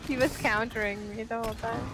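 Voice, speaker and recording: A woman with a high voice talks casually with her teammate during an online match. Her voice comes through a voice chat with clear noise behind it. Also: fairly even intonation, brisk.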